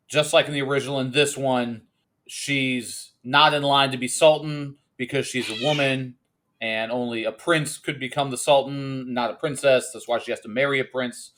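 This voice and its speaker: Dude cohosting a movie podcast, fast and kinda incredulous, middle voice. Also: male voice, medium pitch, fairly bright tone. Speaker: podcast co-host. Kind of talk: casual movie review chat.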